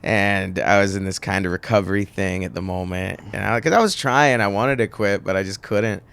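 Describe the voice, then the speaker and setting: A man's voice: fairly low pitch, a little fast, gravelly, a bit bright, clean tone. A man, a comedian and actor, chatting loosely on a podcast, swearing and laughing often. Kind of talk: casual podcast chat.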